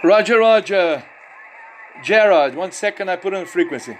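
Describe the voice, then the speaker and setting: A Brazilian ham radio operator speaking English with a Brazilian Portuguese accent. His voice sits a little high for a man. He keeps saying "okay" and "roger" in a friendly, easygoing way. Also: expressive, normal speed, slight background noise. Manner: friendly, repeats "okay" and "roger", spells call signs. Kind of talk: amateur radio contact over satellite.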